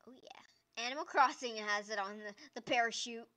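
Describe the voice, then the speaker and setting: A young woman hosting her gaming channel, giving excited gameplay commentary, squealing and cheering at the screen. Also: on the high side, normal speed.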